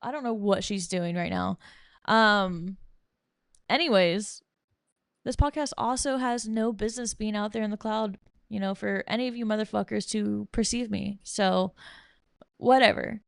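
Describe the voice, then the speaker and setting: A woman's voice: medium pitch, unhurried, vocal fry, smooth, no room sound, studio quality. A young woman hosting a podcast, ranting casually and bluntly with lots of swearing and sarcasm while reading from bullet points. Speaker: podcast host.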